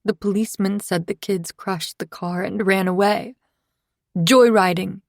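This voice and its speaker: A woman's voice: mid-range voice, fairly even intonation, unhurried, no room sound, studio quality, natural voice. A woman voicing an anxious, polite woman neighbor who talks in fretful, apologetic bursts.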